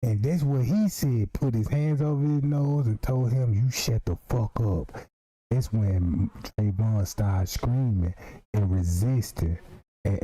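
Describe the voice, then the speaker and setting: A man's voice: mid-range voice, mellow, rough recording. A man giving emphatic casual commentary on a video, repeating himself to point things out. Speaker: streamer commenting on footage.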